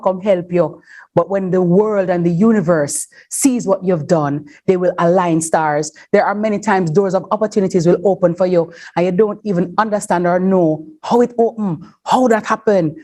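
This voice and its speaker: A woman's voice: mid-range voice, brisk, warm tone. A woman hosting a live event, exuberant and sing-song, moving into preachy encouragement. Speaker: event host.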